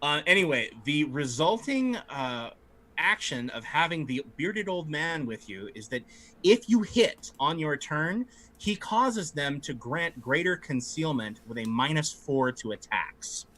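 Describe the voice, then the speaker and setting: Lively, laughing male game master. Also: on the high side, a little slow. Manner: animated, laughs often while narrating. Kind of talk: narrating a tabletop game livestream.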